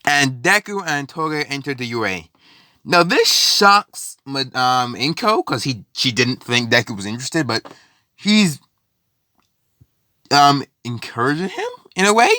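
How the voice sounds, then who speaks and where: A man's voice: medium pitch, big pitch swings, normal speed, bright, forceful tone, dry recording, studio quality. A man casually retelling a fan story, rambling with many fillers.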